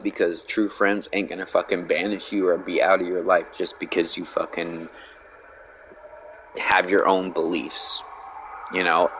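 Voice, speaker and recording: A man's voice: low-pitched, fairly bright tone, slight background noise, rough recording. A man streaming a game, ranting bluntly in casual talk and swearing a lot. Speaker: gaming streamer. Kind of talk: casual rant while gaming.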